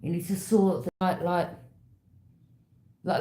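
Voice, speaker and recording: A woman's voice: lowish voice, steady tone, slow pace, pauses often. A woman giving a tarot reading in a casual, conversational storytelling manner, knowing and direct. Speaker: tarot reader. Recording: echoey room.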